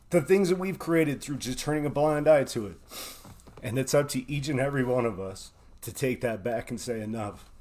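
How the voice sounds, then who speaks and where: A man's voice: medium pitch, a little mellow. A man hosting his own live online show, giving a preachy, emotional monologue full of swearing and repeated "right?". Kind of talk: impassioned live-stream monologue.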